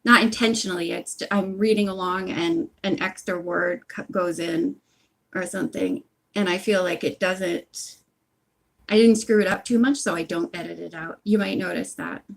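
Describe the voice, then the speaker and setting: A woman's voice: on the low side, fairly even intonation, moderate pace, vocal fry. A woman casually chatting on a phone livestream at home while she knits, rambling with lots of asides. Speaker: audiobook channel host.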